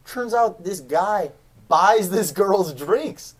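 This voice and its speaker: Young male podcast host, lively storyteller, laughs a lot, very wide pitch range. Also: slow pace, crowd noise. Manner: animated storyteller, laughs often. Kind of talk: casual podcast chat.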